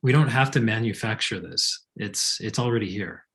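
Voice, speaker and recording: A man co-hosts a live session and reads listener letters aloud in a fairly low voice. He reflects on them in a calm, thoughtful manner. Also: normal speed. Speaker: co-host.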